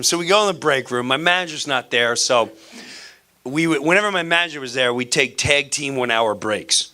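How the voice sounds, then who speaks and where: A man performing live stand-up on a theater stage, telling a story in an animated, playful way and acting out the people in it. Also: fairly high pitch, smooth. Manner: animated, playful, acts out characters. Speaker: stand-up comedian.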